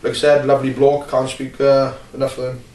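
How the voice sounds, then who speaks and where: A Welsh man, a wrestler, talking bluntly and rambling with many filler pauses in a casual interview. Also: mid-range voice, monotone, a little mellow, a little hiss or hum. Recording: roomy, distant mic.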